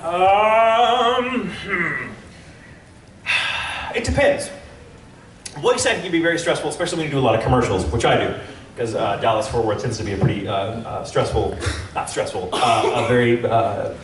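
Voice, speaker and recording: A male voice actor answering questions on a convention panel, telling animated, self-deprecating stories with playful impressions. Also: medium pitch, normal speed. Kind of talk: convention Q&A storytelling. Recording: echoey hall from far off, audience noise.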